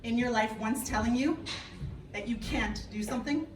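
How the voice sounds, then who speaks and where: Lively canadian-born woman telling funny stories on stage, kinda high voice, echoey hall, mic a bit far off. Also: normal speed, background noise. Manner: playful, lively, talks to the audience. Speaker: storyteller on stage. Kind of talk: comic storytelling speech. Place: event hall before a live audience.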